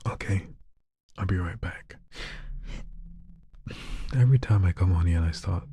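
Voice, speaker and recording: A man chatting casually on a live stream, soft-spoken and shy, often slipping into whispers. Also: low voice, a little slow, slight background noise. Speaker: live streamer and hobby voice artist.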